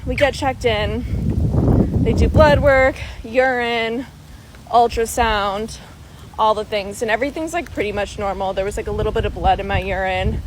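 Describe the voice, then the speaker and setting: A young pregnant woman telling a casual storytime vlog, chatty and expressive, swearing freely. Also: on the high side, normal speed, background noise. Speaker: vlogger.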